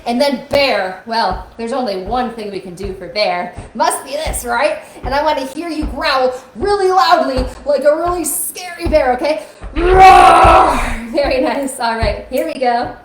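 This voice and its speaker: A woman's voice: sits high, moderate pace, few pauses, slight background noise. A young woman teaching a kids' music lesson on a live stream, coaxing children to join in with motions. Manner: upbeat, coaxing, talks to kids with motions. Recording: echoey room with faint music.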